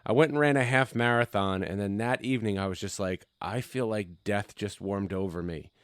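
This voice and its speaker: Young male co-host with a smooth voice, profane casual storyteller. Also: fairly low pitch, normal speed, no echo, studio quality. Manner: profane storytelling, acting out quoted people. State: recovering from covid. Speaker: podcast co-host. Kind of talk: casual chat. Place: home basement.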